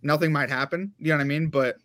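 Fast-talking bright-voiced male podcast host. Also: on the high side. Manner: animated, hedging, asks questions. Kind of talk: casual sports chat.

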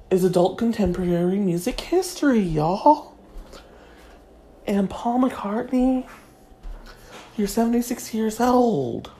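A woman's voice: a little high, warm tone. A woman host giving a crude comedic monologue, snarky and gossipy.

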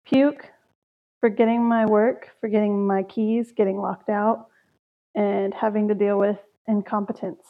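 Speaking a little slowly in a mid-range voice with little pitch movement, a young woman runs a solo podcast, casually recounting her day with sighs and laughter. The audio is tinny, like a phone recording.

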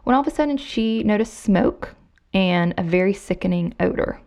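Gravelly woman telling a crime story. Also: medium pitch, animated, moderate pace, a little mellow. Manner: conversational, reads quotes with emphasis. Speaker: podcast host.

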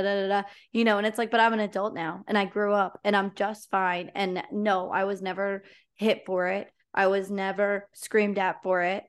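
A woman hosting a casual podcast conversation, her pitch sitting in a medium range. She talks in a chatty way, telling personal stories with lots of fillers. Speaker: podcast host.

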